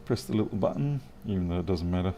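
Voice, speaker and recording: Low-voiced man, wry live repair chat. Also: lively intonation, fast talker, dark tone, slight background noise. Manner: wry, chatty, answering viewers' comments. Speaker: livestream repair host. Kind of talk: casual live-stream commentary while working.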